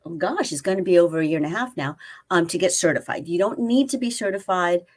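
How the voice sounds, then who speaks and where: She talks fast, in a lowish voice with lively intonation. The speaker is a life coach in her fifties, a guest chatting casually in an interview from a spare room at a family home, where she tells stories and acts out the dialogue she quotes.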